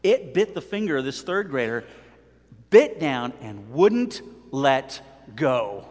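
A middle-aged man preaching a sermon with animated delivery, telling stories and acting out voices. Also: mid-range voice, slow pace, big-room sound. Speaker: pastor.

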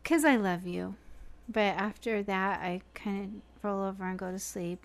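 A woman's voice: medium pitch, moderate pace. A woman co-hosting a podcast in casual chat, playful and dryly sarcastic. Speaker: podcast co-host.

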